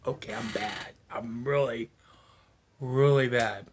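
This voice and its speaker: A man's voice: medium pitch, slow, a little hiss or hum. A man rambling through a solo vlog monologue, swearing often and chuckling to himself. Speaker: vlogger.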